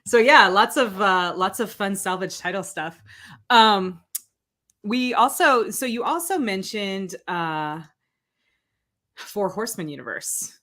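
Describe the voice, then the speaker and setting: A woman's voice: mid-range voice, lively intonation, takes it slowly, sharp tone. A woman hosting a casual livestream chat from home over a video call, chatty and giggly, with lots of fillers. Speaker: livestream host.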